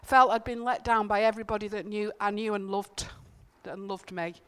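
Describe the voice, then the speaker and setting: Here a church speaker talks at a normal pace, her medium-pitched voice steady, clean and slightly bright. She keeps the sermon earnest and conversational, telling stories from her own life and returning to key ideas again and again.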